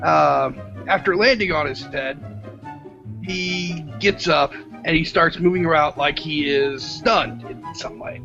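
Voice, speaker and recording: A man's voice: fairly high pitch, slow, vocal fry, pushed and bright. A man co-hosting a podcast, casually retelling a story with lots of fillers. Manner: rambling, many "uh" fillers. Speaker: podcast co-host. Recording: muffled lo-fi with background music.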